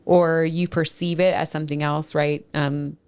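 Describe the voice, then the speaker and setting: A woman in her thirties with a Minnesota accent speaks in a low voice. She co-hosts a relaxed conversation about marriage, earnest and quick to laugh. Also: clean tone. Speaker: podcast co-host. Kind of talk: casual marriage chat. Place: studio.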